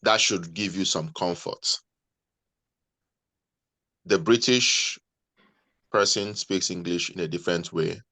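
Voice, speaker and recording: A man, a guest on a video call, giving measured, deliberate advice to nurses. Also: deep voice, sharp tone, no room sound. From Nigeria.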